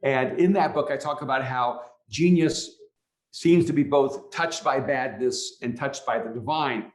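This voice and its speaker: A man's voice: medium pitch, a little slow. Man, podcast host, reflective, searching, echoey room. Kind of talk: interview conversation.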